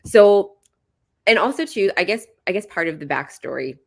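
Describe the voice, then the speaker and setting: A young adult woman, a psychologist, chatting as a podcast guest in a quick, casual way with many filler words. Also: mid-range voice, expressive, darkish tone. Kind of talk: casual interview chat.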